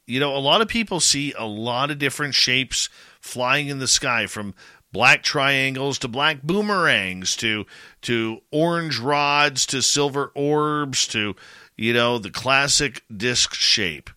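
A man hosting a podcast, introducing a story in casual chat with a relaxed, loose delivery. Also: medium pitch, unhurried, no room sound. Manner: relaxed, fills with "you know". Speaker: podcast host.

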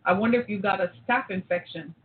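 A woman's voice: mid-range voice, fast. Brief: woman, impassioned storyteller, emphatic and repetitive, thin phone-like recording with faint hiss. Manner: emphatic, urgent, repeats key points. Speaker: speaker addressing an audience. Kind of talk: impassioned personal storytelling talk. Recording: tinny phone-like audio with faint noise.

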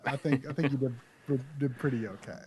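A man's voice: medium pitch, fairly quick, darkish tone, breathy edge. A man co-hosting a casual game stream chat, often repeating words as he starts a thought. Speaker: co-host of a retro gaming stream.

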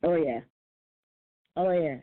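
A woman's voice: low-pitched, slow pace. A woman hosting a call-in talk show, supporting her guest with frequent short affirmations. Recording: tinny phone line with faint noise.

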